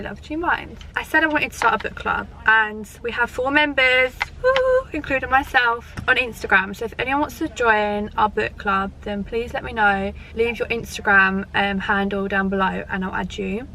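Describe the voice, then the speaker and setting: A woman's voice: a little high, a bit bright, slight background noise, poor audio. A young woman with a British accent chatting casually and rambling on while driving her car. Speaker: vlogger. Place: inside a car.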